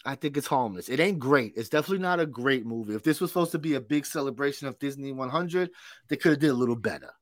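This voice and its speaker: A male podcast co-host at a middling pitch, recorded close and dry with no room sound. He rambles in relaxed chat, leaning on fillers and the odd swear word. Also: quick pace, no room sound. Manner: rambling, filler-heavy, profane. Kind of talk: casual chat.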